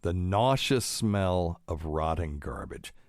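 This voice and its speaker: Middle-aged male podcast host, very low voice, dry close mic, rambling and pedantic. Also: lively intonation, takes it slowly, a little mellow, no echo. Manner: rambling, pedantic, many fillers. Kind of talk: casual solo podcast talk.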